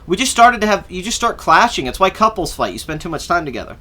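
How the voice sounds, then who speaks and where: A young adult man hosting a podcast rambles through a long casual story, swearing freely and acting out what people said. His high-pitched voice is very animated, fast, pushed and bright.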